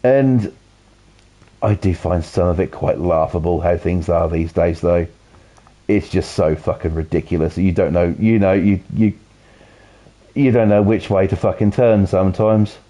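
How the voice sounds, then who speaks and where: A British man talks casually while streaming a game, rambling and swearing freely, with constant "you know"s. His voice is lowish and mellow. The sound is somewhat dull and lo-fi. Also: normal speed. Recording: dull lo-fi audio.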